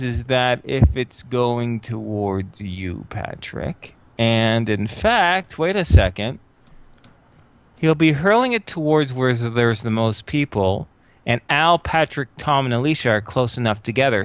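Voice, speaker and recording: A man narrating a tabletop game as game master, thinking aloud with frequent filler pauses. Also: mid-range voice, a bit bright, smooth, no echo.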